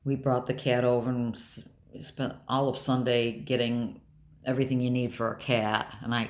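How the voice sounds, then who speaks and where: A woman's voice: very deep voice, level tone, normal speed, a little mellow. An older woman talking candidly and bluntly in a rambling personal vlog. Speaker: vlogger.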